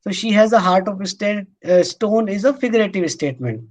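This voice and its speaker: A man giving a classroom lecture, explaining patiently, repeating his points and pausing often on "uh". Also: high voice, animated, rough recording.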